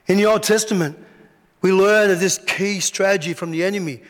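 Man, pastor preaching, high voice, animated storytelling, long hall echo. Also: a little fast. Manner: animated storytelling, acts out scenes. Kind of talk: sermon.

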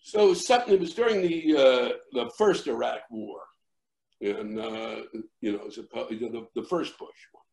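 A middle-aged man, a comedian, telling a rambling story in conversation with many fillers and restarts, acting out shouting crowds. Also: mid-range voice, moderate pace, gravelly. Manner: animated, acts out shouting crowds. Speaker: comedian guest.

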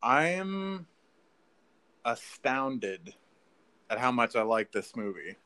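Casual male co-host, excitable, filler-heavy, swears freely; mid-pitched everyday voice. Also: slow. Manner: rambling, profane, filler-heavy, says "like" and "dude"; excitable storytelling. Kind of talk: casual chat.

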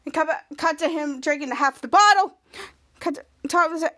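This woman is a fast talker, recapping a TV episode on her podcast scene after scene in a choppy, stop-start way. Acting out the characters' lines, she jumps higher and louder.

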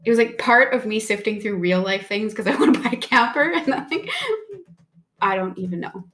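A young woman talking in a loose, relaxed chat, with a medium-pitched voice. She swears casually and slips into quoted voices as she tells her stories. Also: fairly quick. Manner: casual, swears freely, acts out quotes in storytelling. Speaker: podcast co-host.

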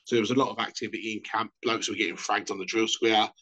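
Fast-talking sweary man, lo-fi. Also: lowish voice, fairly even intonation, bright, forceful tone. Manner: sweary, jokey anecdote-telling. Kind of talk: casual storytelling chat. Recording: dull lo-fi sound.

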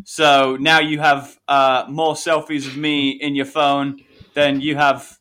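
A man's voice: mid-range voice, flat delivery, slow pace, bright, forceful tone. A man co-hosting a fan podcast, bantering in a joking, self-mocking way. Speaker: podcast co-host. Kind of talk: casual chat.

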